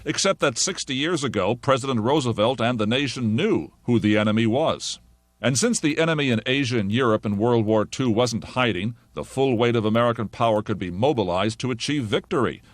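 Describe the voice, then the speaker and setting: A man's voice: medium pitch, no echo. Grave man narrating a news essay. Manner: grave, deliberate. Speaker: correspondent.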